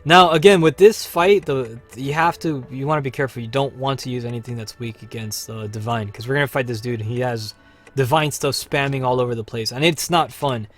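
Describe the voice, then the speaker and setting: A man's voice: medium pitch, brisk, soft background music. A man hosting a casual gaming livestream, chatting upbeat with viewers while he plays. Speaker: livestream host.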